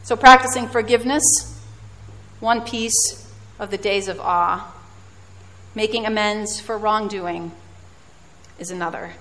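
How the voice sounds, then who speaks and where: A woman's voice: mid-range voice, fairly even intonation, unhurried, pauses often, fairly bright tone. A woman preaching a sermon, telling a personal story in a reflective, self-deprecating way. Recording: reverberant hall.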